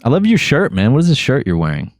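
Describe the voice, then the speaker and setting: A man's voice: mid-range voice, wildly swooping pitch, fast talker, no echo, clean studio sound. A man hosting a podcast, chatting casually and easygoingly with his guest, often trailing off mid-thought. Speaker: podcast host. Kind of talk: casual interview chat.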